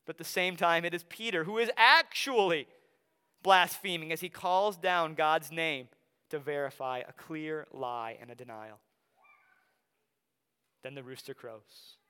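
A young man from Wisconsin with an Upper Midwest accent, preaching a sermon in a conversational way, often dropping soft for emphasis. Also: on the high side, measured pace, clean tone. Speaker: pastor. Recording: long hall reverb.

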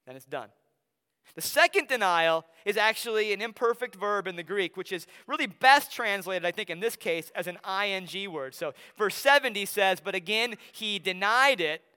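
A young man from Wisconsin with an Upper Midwest accent, preaching a sermon in a conversational way, often dropping soft for emphasis. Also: high voice, animated, moderate pace, smooth. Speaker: pastor. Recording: long hall reverb.

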